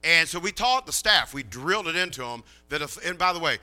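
A man's voice: on the high side, animated, a little fast, pushed and bright, faint music behind. A man preaching a sermon in a folksy, chatty way, telling a story and acting out the dialogue.

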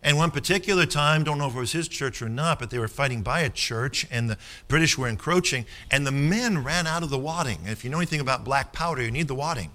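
Fast and forceful, this bright, medium-pitched preacher stirs up his congregation. He moves through stories in his sermon and keeps asking the crowd for amens.

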